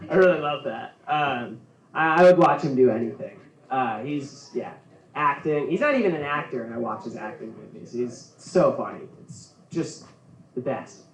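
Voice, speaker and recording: A man's voice: medium pitch, animated, normal speed, slight background noise. A man doing a stand-up set at a comedy venue, rambling and laughing at his own jokes. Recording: roomy, from far off.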